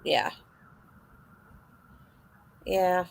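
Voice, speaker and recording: A woman hosting a casual livestream chat, telling a story with lively, acted-out dialogue. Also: fairly low pitch, extremely slow, vocal fry. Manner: animated storyteller, acts out quoted dialogue. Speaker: livestream host.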